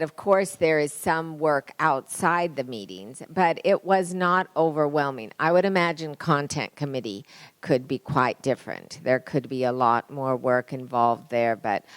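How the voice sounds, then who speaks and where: A woman panelist answering audience questions in a measured, thoughtful way. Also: sits low, clean tone, dry recording.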